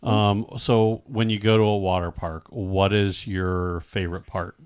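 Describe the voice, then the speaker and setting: A man in his forties hosts a casual podcast chat in a somewhat low voice. He talks in an easygoing, halting way, stumbling over his words and restarting sentences. The sound is dry and close, with no room around it. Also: little pitch movement, a little mellow, clean tone, no room sound. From Nebraska, USA. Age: 40s. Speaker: podcast host.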